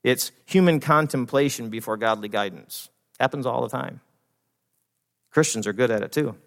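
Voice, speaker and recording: A man preaching a sermon in a church, animated and acting out panicked inner voices, laughing often between points. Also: medium pitch, normal speed. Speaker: pastor. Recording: long reverb of a church hall.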